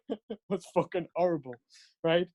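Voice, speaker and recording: A man's voice: sits high, slow pace, over a noisy crowd. A young man casually telling a rambling story, swearing often and laughing along. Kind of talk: casual chat.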